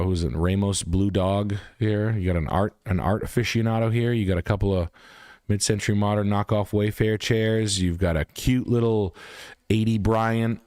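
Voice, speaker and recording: A man's voice: lowish voice, darkish tone, smooth, no echo, studio quality. A man hosting a live stream, telling a story casually with lots of swearing and acting out both sides of an argument. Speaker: realtor and stream host.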